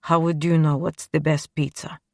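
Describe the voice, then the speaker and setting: A woman's voice: low-pitched, level tone, normal speed, dry recording, clean studio sound. A woman voicing a blunt, brawny male detective with a Russian accent in an audiobook. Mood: scornful. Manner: blunt, curt.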